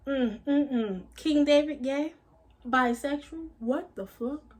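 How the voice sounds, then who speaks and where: High-voiced emphatic woman vlogger. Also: slow. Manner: emphatic, blunt, swears freely; repeats phrases for emphasis. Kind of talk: casual spiritual monologue.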